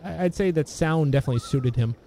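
A man's voice: a little high, quick pace, dark tone, slight background noise. A man chatting casually about old films, rambling with many restarts and fillers. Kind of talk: casual film discussion.

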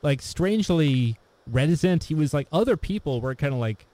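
A man talks in a relaxed, mellow voice, wandering through his thoughts with plenty of fillers and restarts. It is casual, unhurried chat between friends. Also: a little high, slight background noise. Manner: rambling, hesitant, many fillers and restarts. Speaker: podcast co-host discussing films.

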